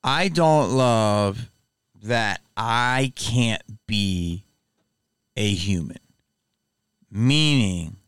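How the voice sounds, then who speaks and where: A man hosts a podcast in easy, casual chat. His pitch swings widely as he tells stories and laughs between lines. The sound is dry and close. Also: clean tone, no echo. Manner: animated storyteller, laughs often. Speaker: podcast host.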